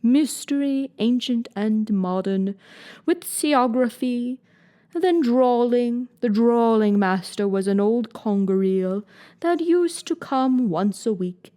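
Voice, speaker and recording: A woman's voice: fairly high pitch, expressive, warm tone, voice pushed up. Woman doing a mournful sighing Mock Turtle. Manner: slow drawn-out sighing delivery, sometimes breathy whisper. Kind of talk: audiobook character reading.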